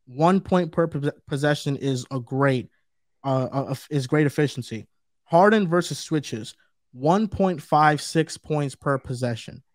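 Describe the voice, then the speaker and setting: A man's voice: on the high side, no room sound, clean studio sound. A man co-hosting a sports debate show, talking emphatically and repeating his points for stress. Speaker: co-host.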